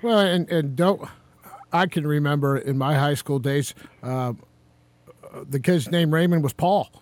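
A man's voice: on the high side, unhurried, a little mellow, dry recording. A man hosting a radio talk show, praising a guest author in an enthusiastic, casual way with stumbling restarts. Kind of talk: casual interview.

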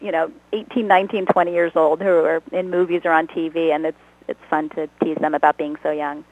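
A woman's voice: low-pitched, flat delivery, brisk, narrow, tinny audio. A woman guest, a comedy actor, chatting casually in an interview, laughing often and talking about herself with self-deprecating humor. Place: Los Angeles.

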